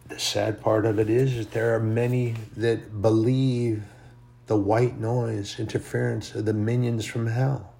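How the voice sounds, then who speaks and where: A man's voice: lowish voice, level tone, a little slow, gravelly, dark tone, slight background noise. A man preaching a sermon in an earnest, emphatic way, rising and falling in volume.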